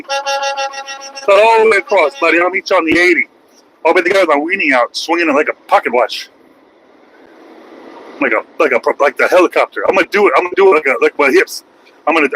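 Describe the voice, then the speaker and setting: A man's voice: fairly high pitch, pushed and bright, a little hiss or hum, low-quality recording. A man, a truck driver, ranting on a casual livestream from his cab while driving, crude and taunting. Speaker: truck driver streaming live.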